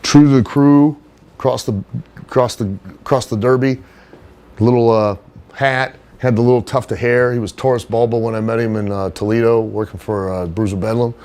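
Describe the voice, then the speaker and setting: A middle-aged man in an interview, telling stories in a casual, animated way. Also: moderate pace. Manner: animated storyteller, does high put-on voices for others. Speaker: wrestler being interviewed.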